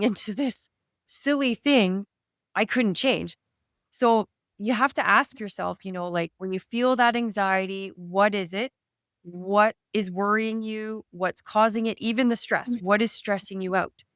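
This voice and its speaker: Canadian lady coach, smooth clear voice, dry close sound, explains stuff earnestly. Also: mid-range voice, no room sound. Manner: earnest, explains with everyday examples. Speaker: stress and anxiety coach, guest. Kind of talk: conversational interview.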